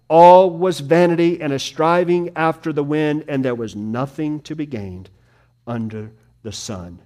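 A man preaching a sermon, reading scripture aloud and swinging between loud emphatic peaks and hushed, low phrases. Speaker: pastor.

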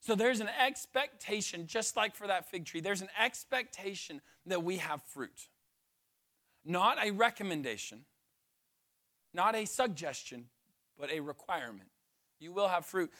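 A male pastor with a high voice delivers a sermon. He talks casually, checking in with "right?" and tossing in light jokes. He lets his points land one at a time. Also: expressive, unhurried, sharp tone. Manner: conversational, tagging "right?", joking asides.

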